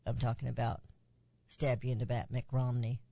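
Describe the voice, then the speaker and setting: Her delivery is flat and creaky, the tone dark, the pace moderate, and there's no echo. Even so, this political radio host gives an emphatic monologue, pushing her pitch up on key points and slipping in asides.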